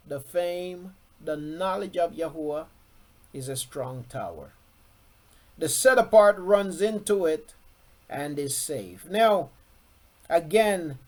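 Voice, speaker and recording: A Bible teacher leading a scripture lesson, repeating key words for emphasis and often checking in with "okay?". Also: mid-range voice. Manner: slow and deliberate, with frequent "okay?" check-ins.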